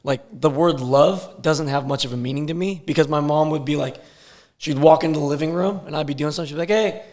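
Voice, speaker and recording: A man's voice: fairly high pitch, fairly even intonation, fast, a little mellow. A man telling stories as a podcast guest, blunt and profane in casual talk. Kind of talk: casual interview.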